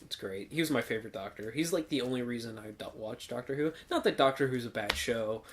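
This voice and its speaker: A man's voice: mid-range voice, fast, fairly bright tone, slight background noise. A man co-hosting a podcast in casual, rambling, profane chat. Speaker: podcast co-host.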